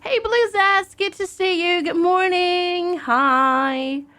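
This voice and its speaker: A woman's voice: very high voice, takes it slowly, bright, forceful tone, faint music behind. A woman from Germany streaming a game live, chatting casually and greeting viewers by name into a desk microphone.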